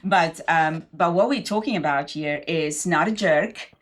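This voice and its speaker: A woman's voice: deep voice, measured pace, a crowd in the background. A middle-aged woman hosting a podcast, talking in a thoughtful, casual way with frequent fillers and affirmations. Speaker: podcast host. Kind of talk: casual conversational interview.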